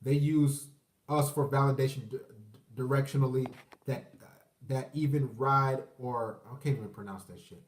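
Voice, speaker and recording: A man in his thirties hosting a livestream, ranting with profanity, rambling and mocking voices, giving shout-outs to viewers. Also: mid-range voice, fairly even intonation, normal speed, distant mic. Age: 30s. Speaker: livestream host. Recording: roomy echo, away from the mic.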